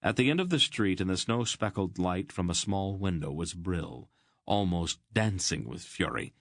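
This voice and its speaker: A man narrating a fantasy audiobook in a steady, measured storytelling voice. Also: low voice, no echo, clean studio sound.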